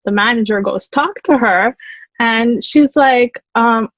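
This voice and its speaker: A woman's voice: on the high side, slow, fairly bright tone, no echo. A woman from Canada co-hosting a podcast, telling stories in casual chat and laughing often as she goes. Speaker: podcast co-host. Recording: slightly dull lo-fi mic.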